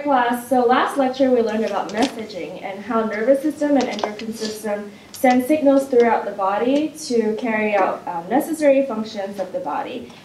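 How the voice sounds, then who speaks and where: High young woman as teacher, roomy. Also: darkish tone, recorded from a distance, slight background noise. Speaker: student playing a teacher in a skit. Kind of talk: amateur skit acting.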